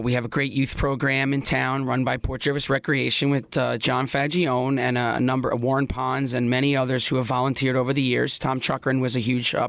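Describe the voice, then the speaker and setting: A man's voice: mid-range voice, vocal fry, no echo, studio quality. A man with a New York accent, a basketball coach and teacher answering interview questions in an earnest, plain-spoken way with frequent restarts. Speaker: guest, high school basketball coach and teacher.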